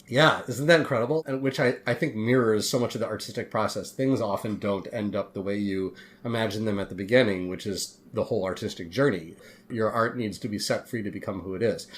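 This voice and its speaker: A man's voice: fairly low pitch, fairly quick, slight background noise. A man, a guest author on a podcast interview, telling his story in an earnest, heartfelt way.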